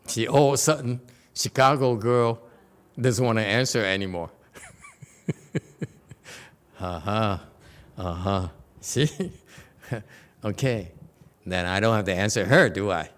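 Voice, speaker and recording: A man's voice: lowish voice, takes it slowly, pauses often, a bit bright. A man giving an informal Dharma lecture in a temple hall, playful and teasing, laughing often and checking in with "okay?".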